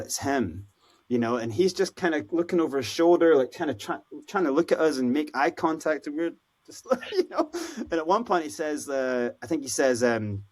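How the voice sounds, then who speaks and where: Husky-voiced Scottish man telling stories. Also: medium pitch. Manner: animated, acts out quoted voices, lots of "you know, like". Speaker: guest. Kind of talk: casual storytelling interview.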